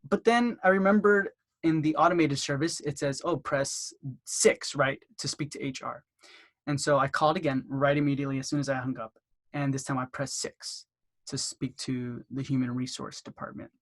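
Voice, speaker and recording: A man casually teaching marketing for a dental practice, with lots of fillers, who acts out phone conversations by jumping into a higher voice. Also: fairly even intonation, normal speed, a bit bright. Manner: acts out phone dialogues in a raised voice; loose, filler-heavy delivery. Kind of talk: casual instructional talk.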